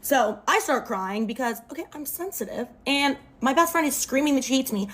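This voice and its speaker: A young woman with a somewhat high voice tells a casual storytime into her phone. Her delivery is animated and expressive, and she sprinkles "like" through her sentences. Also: a little fast, few pauses. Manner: expressive, animated retelling with lots of "like".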